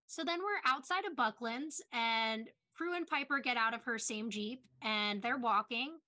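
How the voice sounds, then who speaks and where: A young woman co-hosting a podcast, chatting casually and retelling a TV episode in a quick, chatty way full of "like"s. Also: on the high side, bright, forceful tone. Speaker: podcast co-host. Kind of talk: casual chat recapping a TV episode.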